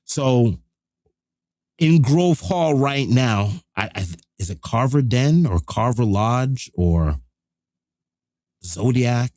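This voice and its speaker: A middle-aged man, hosting a live show and telling a rough, profane story in casual street slang. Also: mid-range voice, animated, slow pace, long pauses, a little mellow, no echo, studio quality.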